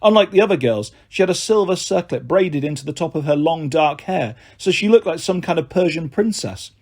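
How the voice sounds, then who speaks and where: Male audiobook narrator, lively pitch, husky tone, slightly high. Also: fairly quick. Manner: expressive storytelling.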